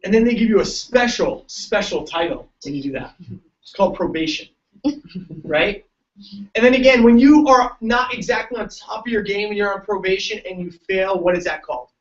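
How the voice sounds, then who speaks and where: A keynote speaker with a high-sitting voice gives a joking, story-filled motivational talk to students at a large event, laughing often. He speaks at normal speed, but he's far from the mic and the recording is muffled.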